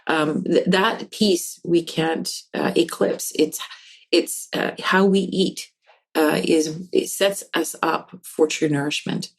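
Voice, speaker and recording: Speaking slowly in a low voice, a woman counselor and author appears as a podcast guest. Her explanations are lively, and she slips into parents' voices when quoting them.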